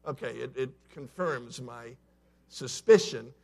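A man in a church sanctuary preaching a sermon, conversational and story-driven, swinging between loud and soft. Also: mid-range voice, slow pace, vocal fry. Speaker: pastor.

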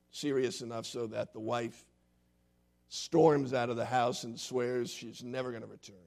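A man's voice: medium pitch, creaky. A man preaching a sermon as a pastor, telling stories and acting out quoted voices. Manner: storytelling with lively quoted voices.

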